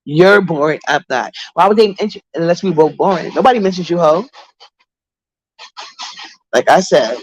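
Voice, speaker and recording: A woman's voice: on the low side, animated, moderate pace, pauses often, darkish tone, husky, no echo. A woman from Brooklyn, hosting a casual livestream. She tells gossip bluntly, swears, and greets viewers by name from her apartment. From Brooklyn, New York. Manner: blunt, profane, gossipy storytelling. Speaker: livestream host. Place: home apartment.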